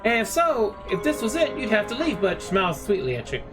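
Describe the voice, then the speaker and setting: A man with a high voice, wildly swooping pitch and slightly fast delivery plays a prim middle-aged woman librarian who calls people dearie. She comes across as sweet but guarded, sweetly prim in mood, with game music playing underneath.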